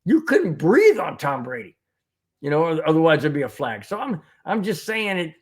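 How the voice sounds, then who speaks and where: A man's voice: fairly high pitch, big pitch swings, moderate pace, slightly rough. A man hosting a sports podcast, reading viewer comments and ranting sarcastically about the referees. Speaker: podcast host. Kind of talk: casual sports talk, reading chat comments.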